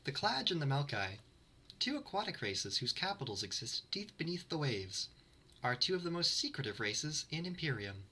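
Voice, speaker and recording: A man's voice: a little high, very animated, normal speed, sharp tone, slight background noise. A man streaming to his chat, reading lore aloud and breaking off for dry, sarcastic, self-mocking asides.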